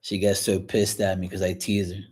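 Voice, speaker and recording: A man hosting a casual livestream from his kitchen while washing dishes, talking frankly and rambling, often clearing his throat. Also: deep voice, completely flat delivery, fairly quick, darkish tone. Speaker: livestream host reading chat. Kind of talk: casual chat.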